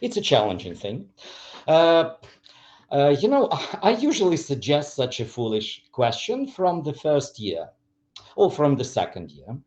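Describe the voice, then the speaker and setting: A man with a Ukrainian accent lecturing teachers on English, repeating example phrases with exaggerated intonation and often asking "clear?". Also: a little high, huge pitch swings, measured pace, darkish tone, lo-fi sound.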